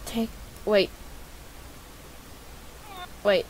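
A woman giving excitable gameplay commentary as a gaming channel host, yelping and shouting at the game. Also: drawn-out words, a little hiss or hum, poor audio.

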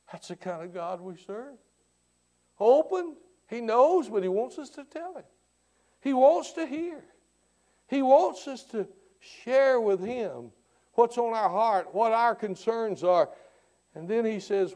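A man preaching a sermon who swings from hushed tones to shouting and keeps repeating rhetorical questions in church. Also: sits high, expressive, a little slow, long pauses. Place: church sanctuary.

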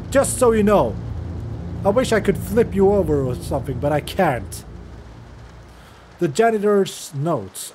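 Pitched high with big swings, his darkish voice moves a little slowly and pauses often, with a faint hiss or hum behind it. He's a young gaming host who isn't a native English speaker, cursing, joking and addressing the characters as he casually plays through a horror game.

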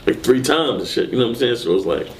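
A man being interviewed, telling a story casually and acting out what people said with sudden high, loud bursts. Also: racing, slight background noise. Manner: animated, acts out quotes and shouts in sudden high bursts.

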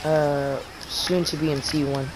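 A teenage boy chatting with friends over voice chat while playing an online game, excitable and prone to voice cracks when he yells. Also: a little high, a little slow, noisy background. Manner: excitable, shouts during fights, voice cracks upward. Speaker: gamer streaming with friends. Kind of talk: casual voice chat while gaming.

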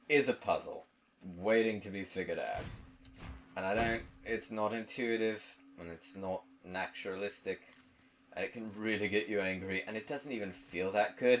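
A man's voice: lowish voice, fairly bright tone. An English man commentating his own gameplay, who swears a lot and shrieks and screams in frustration. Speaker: let's play commentator.

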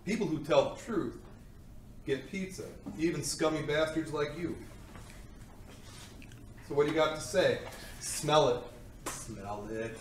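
Brief: student actor as a self-righteous cop grilling a suspect, a bit high-voiced, badgering; echoey room, distant mic. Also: male voice, a little slow, long pauses, close to an everyday voice. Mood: accusing. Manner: badgering, repeats himself. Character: male police interrogator, pushy and self-righteous. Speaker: student actor in a class skit. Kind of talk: amateur comedy skit acting. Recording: echoey room, mic far off, faint noise.

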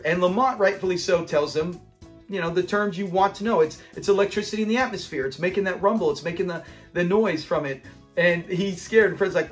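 A young man hosts a casual episode breakdown, talking in a fairly high voice. He retells scenes with real enthusiasm and laughs along. Faint music sits underneath. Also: brisk. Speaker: host of a classic TV episode breakdown channel.

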